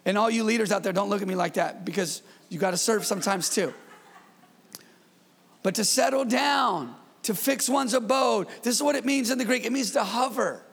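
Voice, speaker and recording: A man preaching as pastor in his church, in a lively, conversational style with call-and-response to the congregation. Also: high voice, moderate pace, gravelly, in a large hall. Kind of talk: sermon.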